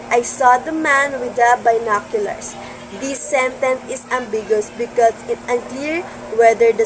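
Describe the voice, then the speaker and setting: A young woman, a student presenter, steadily reading out her class presentation slides. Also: on the high side. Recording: home recording with clear background noise.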